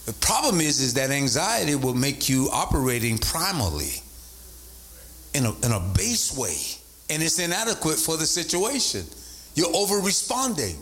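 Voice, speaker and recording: A man preaching a sermon as a bishop, animated, repeating his points and calling out to the congregation. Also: moderate pace. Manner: animated preaching, voice leaping up in pitch for emphasis; repeats phrases and calls out to the congregation. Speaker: bishop and pastor.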